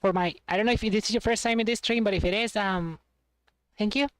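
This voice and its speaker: Female streamer, casual and rambling, halting delivery, mid-range voice. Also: medium pitch, no room sound, studio quality. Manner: rambling and halting, many restarts. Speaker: livestreamer.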